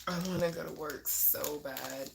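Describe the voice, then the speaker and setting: A woman's voice: sits low, steady tone, unhurried, gravelly, roomy sound, background noise. A young woman chatting casually on a live stream, laughing often and swearing freely as she talks to viewers. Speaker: livestreamer. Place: at home.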